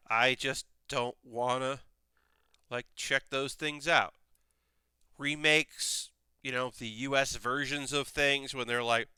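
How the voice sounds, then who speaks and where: A young man rambling casually while building a model kit on a live stream, with animated asides. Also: medium pitch, clear, resonant tone, no room sound.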